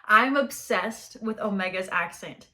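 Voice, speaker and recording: A young woman chatting casually in her bedroom while she does her makeup, high-energy and slangy. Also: measured pace, pushed and bright. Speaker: beauty vlogger. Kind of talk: casual get-ready-with-me chat.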